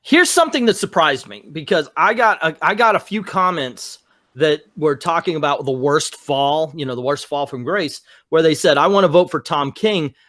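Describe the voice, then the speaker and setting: A man's voice: a little high, expressive, moderate pace, bright, forceful tone, no echo. Casual male podcast host, dry close mic. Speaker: podcast host presenting awards. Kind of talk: casual group chat.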